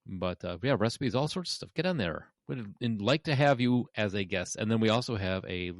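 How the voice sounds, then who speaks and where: A man hosting a casual podcast chat, relaxed and jokey as he runs the segments. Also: fairly low pitch, a little fast, no echo, clean studio sound. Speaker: podcast host.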